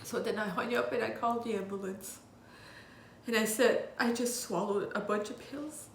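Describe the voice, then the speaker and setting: A woman's voice: fairly high pitch, steady tone, moderate pace, creaky, slight background noise. A woman telling her own hard life story in a candid, raw way, with blunt swearing, as a confessional vlog. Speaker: vlogger. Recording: roomy echo.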